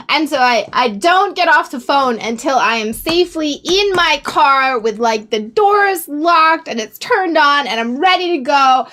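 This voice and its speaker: High-voiced young woman telling a story. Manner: animated, rambling, quick bursts of exclamation. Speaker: YouTuber. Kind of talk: casual storytime.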